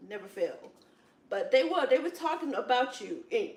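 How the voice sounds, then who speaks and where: A woman in casual chat at a Bible study, telling rambling, animated stories with lots of "it's like, wow.". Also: on the high side, normal speed. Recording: echoey room, distant from mic.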